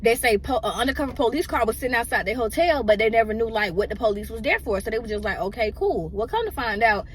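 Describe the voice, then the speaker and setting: A woman's voice: a little high, lively intonation, quick pace, hardly any pauses, slight background noise. A woman emotionally telling a personal story in a casual, rambling way and often addressing her listeners directly.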